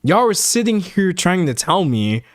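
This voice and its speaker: A young man in casual reaction commentary, talking in quick emphatic bursts as he reacts to clips. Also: high voice, no echo, clean studio sound. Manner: animated, talks fast in bursts, emphatic.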